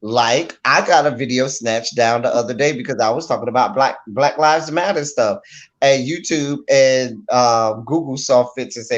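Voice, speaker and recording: A man's voice: mid-range voice, moderate pace, highs cut off. A man in a casual online panel talk, making his case with emphasis and repeating key points for stress. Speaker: YouTube commentator on a panel. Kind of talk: casual critical panel discussion.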